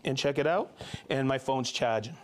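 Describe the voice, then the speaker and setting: A man hosting a casual live tool demo stream, chatty and excitable, calling out viewers. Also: mid-range voice, moderate pace, slight background noise. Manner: excitable, bursts into shouts of joy; chatty, reads viewer shout-outs.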